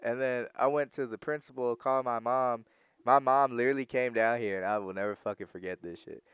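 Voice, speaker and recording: A young man tells a rambling, profane story in casual chat, switching to acted voices as he goes. His voice is smooth and clear, recorded dry and close with no room sound. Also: medium pitch, brisk, dry recording. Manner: animated, profane, laughing storyteller.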